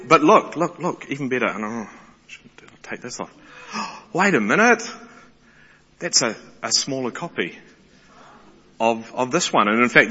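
A man preaches with excitable energy, tripping over restarts as he marvels aloud. His voice is bright and forceful. It rings out through a large hall with a long, muffled reverb. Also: mid-range voice, slightly rough. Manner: animated, excitable, stumbling restarts. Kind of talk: sermon.

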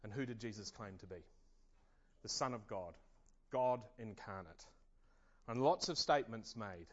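A man preaching a sermon at a church service, earnest and measured. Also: fairly low pitch, expressive, highs cut off.

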